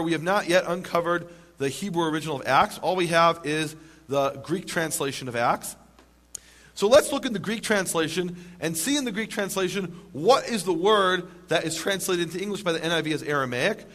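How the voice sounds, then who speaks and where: A man's voice: fairly high pitch, a bit bright. A man giving a lecture to a live audience, emphatic, asking rhetorical questions and making wry jokes.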